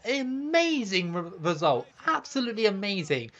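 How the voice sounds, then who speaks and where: Man, gameplay commentary, eager, cheering, high-pitched. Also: expressive, fairly bright tone. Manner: eager, quick, cheering his own goals. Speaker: gaming video host. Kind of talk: excited play-by-play over gameplay.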